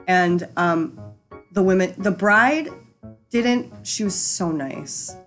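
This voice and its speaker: A woman's voice: lowish voice, slow pace, soft background music. A young adult woman hosting a casual storytime chat, rambling and frank, with lots of fillers and easy swearing. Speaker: storyteller host.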